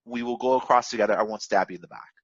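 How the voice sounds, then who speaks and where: A man's voice: medium pitch, fairly even intonation, racing, husky, dry recording, muffled recording, voice pushed down, lightly acted. A man voicing a sly male scorpion who insists he needs a ride across the river. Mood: pleading.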